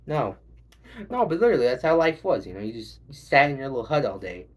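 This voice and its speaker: A man doing a stand-up set, rambling and swearing and acting out quick voices. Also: mid-range voice, very animated. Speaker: stand-up comedian.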